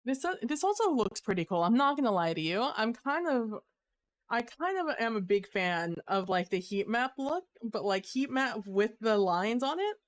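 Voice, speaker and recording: A young woman chats upbeat and loose on a live stream, drifting from thought to thought with plenty of ums and restarts. Her voice is smooth and clean, and the sound is dry and close with no room around it. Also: fairly high pitch, big pitch swings, moderate pace, no room sound. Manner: rambling, upbeat, full of fillers and restarts. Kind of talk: casual live-stream chat.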